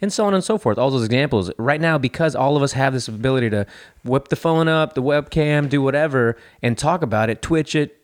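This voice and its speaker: Male podcast co-host: relaxed, opinionated, casual talker. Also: mid-range voice, a little fast. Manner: laid-back, opinionated, says "dude" and "like" a lot.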